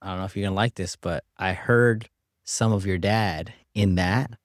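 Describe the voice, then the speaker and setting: A male podcast host with a lower voice leads a candid conversation. He is affirming and encouraging and reflects back what his guest says. The recording is close and dry. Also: steady tone, normal speed, dry recording.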